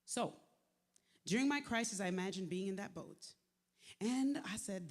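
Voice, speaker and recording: A woman giving a live motivational faith talk, conversational and lively, with slangy asides to the crowd. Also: mid-range voice, normal speed, long pauses. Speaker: speaker at a faith event. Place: large venue, live event. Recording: echoey hall with long reverb.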